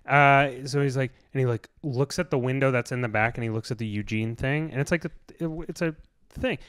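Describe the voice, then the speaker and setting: Bright-voiced Canadian co-host. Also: male voice, medium pitch, clean tone, no room sound, studio quality. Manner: joking, quick banter. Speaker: podcast co-host. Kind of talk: casual chat.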